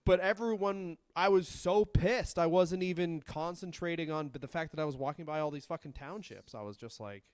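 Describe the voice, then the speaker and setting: A man's voice: fairly high pitch, moderate pace, few pauses, clean tone, no room sound, clean studio sound. A man from Canada co-hosting a podcast, telling rambling comic stories with lots of swearing. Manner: profane, rambling storyteller. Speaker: podcast co-host. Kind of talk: casual comedic chat.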